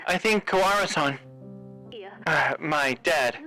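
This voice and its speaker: Man reading as a sincere young woman detective, soft farewell, bright tone. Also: a little high, slow, faint music behind. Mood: tender. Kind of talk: reading game subtitles aloud.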